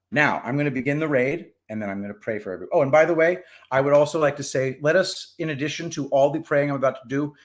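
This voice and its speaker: A male streamer chatting casually with his live audience. He greets viewers by name and keeps the talk loose and joking. His voice sits mid-pitch but moves around a lot. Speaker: livestream host. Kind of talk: casual livestream chat.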